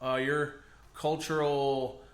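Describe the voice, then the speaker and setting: An American man co-hosting a podcast, chatting casually as an animated, playful storyteller who swears. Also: a little high, takes it slowly. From United States. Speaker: podcast co-host. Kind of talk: casual chat. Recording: echoey room.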